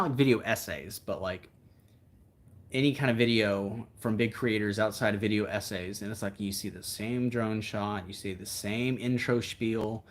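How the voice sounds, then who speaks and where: A man's voice: lowish voice, fairly bright tone. A man hosting a livestream, chatting casually in a rambling, reflective way. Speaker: livestream host.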